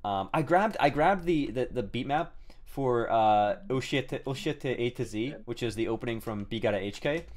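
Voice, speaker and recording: A man's voice: mid-range voice, animated, normal speed, a little mellow. A young man hosting a casual gaming stream, rambling with many restarts while greeting his chat. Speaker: streamer host.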